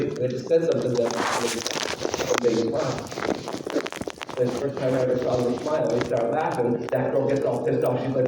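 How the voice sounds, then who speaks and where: A man performs a monologue from a distance in a large hall full of echo, with steady noise behind him. He acts out the other people in his story with sudden jumps in pitch. At other times he grows quiet and halting. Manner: turns from joking to quiet and halting. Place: large school hall or auditorium. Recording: echoey hall recorded from far off.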